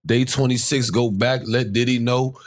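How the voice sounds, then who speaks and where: A man from DC in relaxed podcast chat, drawling and reminiscing in a laid-back way. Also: medium pitch, moderate pace. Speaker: podcast host.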